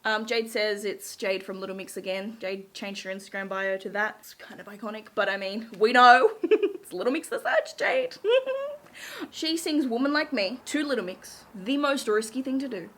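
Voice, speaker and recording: A woman's voice: medium pitch, normal speed, fairly bright tone. A young woman chatting casually, bubbly and giggly, gushing as she recaps a show. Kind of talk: casual chat.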